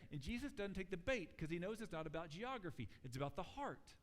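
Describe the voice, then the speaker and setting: A man preaching a sermon as pastor, talking in a conversational, animated way and acting out quotes as he tells stories. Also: sits high, fast, few pauses. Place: church sanctuary. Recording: long church hall reverb.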